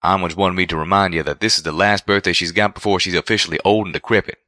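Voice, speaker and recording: Guy doing a drawling cowpony, bright folksy voice, dry sound. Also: low-pitched, fairly even intonation, quick pace, dry recording.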